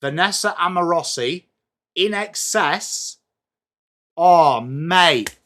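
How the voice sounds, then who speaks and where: A man's voice: fairly high pitch, animated, slow, sharp tone. A young English man hosting a live sports watchalong, chatting to his viewers in a self-mocking way and reading trivia aloud. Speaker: livestream host.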